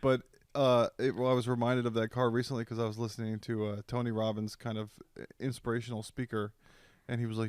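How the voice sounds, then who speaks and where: A man's voice: mid-range voice, quick pace, clear, resonant tone, no room sound, studio quality. A man telling joking stories in a casual podcast chat. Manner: joking, deadpan storytelling. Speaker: podcast host.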